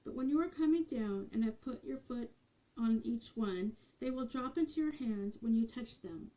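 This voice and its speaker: A woman's voice: fairly high pitch, animated, moderate pace, warm tone, lightly acted, poor audio. Woman reading as Auburn Mary, a resolute young helper. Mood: urgent. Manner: urgent, commanding instructions. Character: kind, resolute young giant's daughter.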